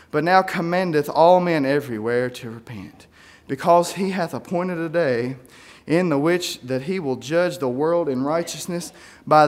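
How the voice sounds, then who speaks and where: A man preaching a sermon, reading scripture aloud and swinging from quiet musing to shouted peaks. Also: a little high. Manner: reads scripture aloud in King James wording.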